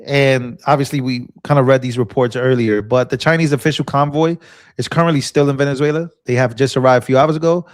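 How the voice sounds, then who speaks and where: A man's voice: mid-range voice, fairly even intonation, quick pace. A man co-hosting a live stream, reading breaking headlines aloud with hesitant fillers and restarts. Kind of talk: casual live-stream news chat.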